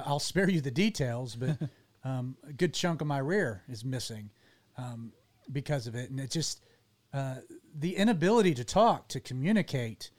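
A man telling a personal story to his interviewers in an earnest, halting way, often restarting his sentences. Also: mid-range voice.

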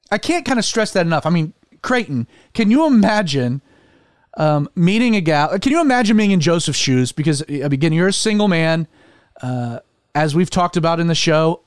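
A man hosting a casual religious discussion show, talking in an animated way with many fillers and restarts. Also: on the high side, clear, resonant tone, no echo, studio quality. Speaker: podcast host.

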